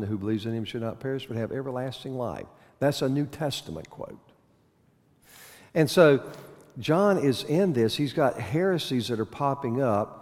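In a hall with long reverb, a man leads a Bible lesson in a chatty way, quizzing his listeners and dropping corny puns. He has a lowish voice with a darkish tone.

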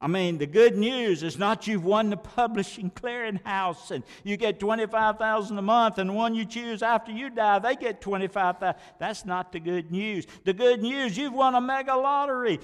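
A man preaching a sermon as pastor, emphatic, repeating words and swinging between loud declarations and quiet asides. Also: high-pitched, moderate pace, few pauses, long reverb tail.

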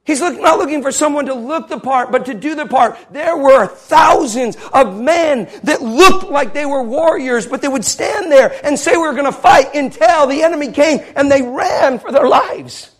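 A male pastor preaching a sermon, telling a story with animated energy and acting out the scenes. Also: very high-pitched, normal speed, hardly any pauses.

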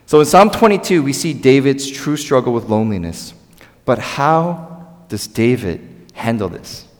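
A man preaching a sermon in a church, conversational and animated, calling on the congregation to answer back. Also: medium pitch, normal speed, in a large hall. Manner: animated, conversational preaching with audience call-and-response. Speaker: pastor. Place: church sanctuary.

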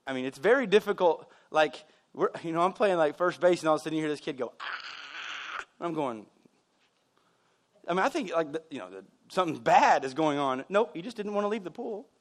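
A man's voice: a little high, fast. A man preaching a conversational sermon, telling stories and making asides as a pastor. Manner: conversational, animated storytelling with asides.

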